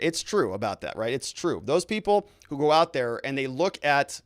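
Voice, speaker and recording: This man hosts a casual livestream, reading viewer comments aloud and answering them bluntly and opinionatedly, with irritated asides. His medium-pitched voice is very animated at a moderate pace, captured in a dry, clean studio recording.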